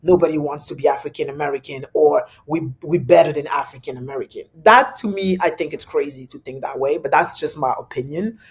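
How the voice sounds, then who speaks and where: A woman with a French accent from Belgium, talking as a guest in a casual interview, animated and laughing often. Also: a little fast, few pauses. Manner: animated, laughs often, pitch jumps when excited.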